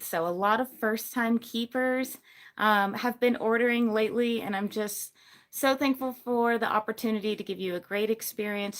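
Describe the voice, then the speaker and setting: A woman's voice: medium pitch, a bit bright. A woman hosting a casual livestream about her gecko breeding business, chatty and rambling, cooing over her geckos. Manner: rambling with many ums and likes.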